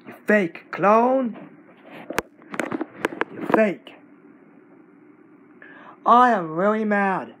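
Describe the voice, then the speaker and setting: A man's voice: high-pitched, extremely slow, long pauses, a bit bright, slight background noise, low-quality recording. A man ranting to camera as the channel owner, scolding someone in short, repetitive bursts. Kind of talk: angry rant to camera.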